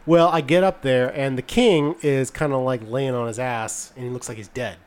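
A man's voice: mid-range voice, fairly even intonation, normal speed, a little mellow. A man in his thirties co-hosting a podcast, telling a long story in casual chat with lots of restarts. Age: 30s. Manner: rambling storyteller, many restarts. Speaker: podcast co-host.

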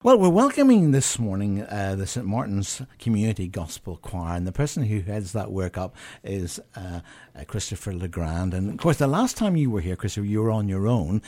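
Chatty radio host, lively voice. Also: male voice, lowish voice, normal speed, hardly any pauses. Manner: chatty, laughs easily, trips over words. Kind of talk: casual radio chat. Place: radio studio. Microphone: studio mic.

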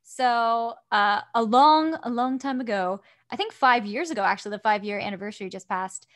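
A woman voice actor chatting casually as a podcast guest, sassy and quick to laugh. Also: fairly high pitch, lively intonation, fairly bright tone. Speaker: voice actress guest.

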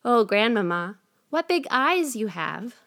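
A woman's voice: mid-range voice, normal speed, a bit bright, close to an everyday voice. A woman voicing a naive, trusting little girl in a storybook reading. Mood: wondering. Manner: wondering, naive. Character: innocent trusting little girl, wide-eyed.

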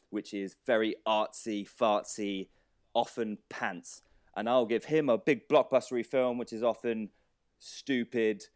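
Man, podcast co-host, excitable and jokey, swears a lot, dead-dry sound. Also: on the low side, clear, resonant tone, no echo. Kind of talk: casual podcast banter.

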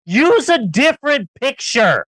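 A man's voice: very high-pitched, very animated, unhurried, a bit bright, no room sound. A man co-hosting a casual movie-review podcast, ranting sarcastically and riffing with jokes. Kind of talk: casual comedic film review chat.

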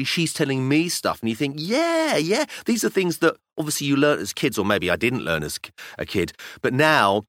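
Casting note: British podcast dad, animated and bright-voiced, dry close mic. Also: male voice, mid-range voice, dry recording. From United Kingdom. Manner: animated storytelling, acting out kids' voices. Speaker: podcast co-host. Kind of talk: casual chat.

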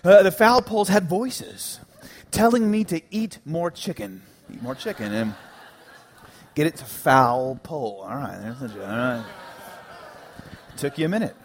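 Pastor, man, higher voice, preaching with lively humor and punchy repeats. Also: unhurried, pauses often, a little hiss or hum. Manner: animated, joking preacher with emphatic repetitions. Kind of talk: sermon. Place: church sanctuary.

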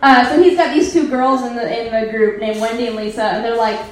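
A woman's voice: on the high side, fairly even intonation, fairly quick. A woman doing live stand-up, recapping a movie over slides with sarcastic, profane asides. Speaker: comedian presenting slides. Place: live comedy venue. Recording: very echoey live room.

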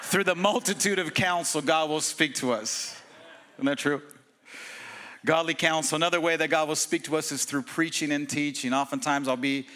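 Bright-voiced energetic male preacher. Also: on the high side, normal speed. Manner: energetic, casual preaching with slang and humor. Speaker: pastor. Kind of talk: sermon. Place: church service.

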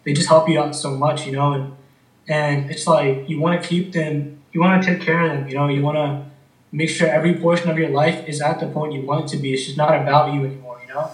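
A man in relaxed conversation, talking in a laid-back way, often calling his friend "man" and telling stories with energy. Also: on the high side, fast talker, distant mic. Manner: laid-back, says "man" a lot, animated storytelling. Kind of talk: casual chat. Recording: roomy, off-mic.

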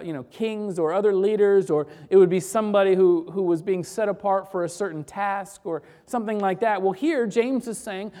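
A pastor delivers a sermon in a mid-range voice. The delivery swings widely, from loud, emphatic peaks to soft, hushed lines. It is earnest and built to carry a congregation. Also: medium pitch. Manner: dynamic, swinging between loud emphatic bursts and quiet hushed passages.

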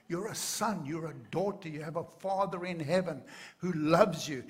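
A man's voice: on the high side, normal speed, breathy edge. A man preaching a sermon to his congregation, earnest and building to fervent emphasis. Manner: addresses the congregation directly. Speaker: pastor.

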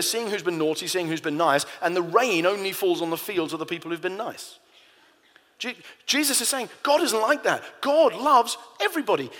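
A man's voice: high voice, fairly bright tone. Man preaching in a reverberant church hall. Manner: conversational preaching with personal anecdotes. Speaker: pastor. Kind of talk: sermon.

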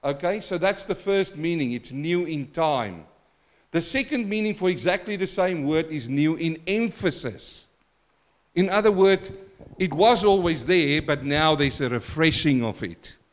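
A middle-aged male pastor preaching a sermon, animated and talking straight to his congregation. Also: fairly high pitch. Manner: animated, talks directly to the congregation and to the apostle.

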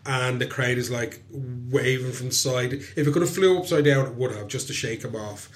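A man with an Irish accent retelling a folk tale in a casual, chatty podcast, animated and laughing often. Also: medium pitch, normal speed. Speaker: podcast host, storyteller. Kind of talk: casual storytelling chat.

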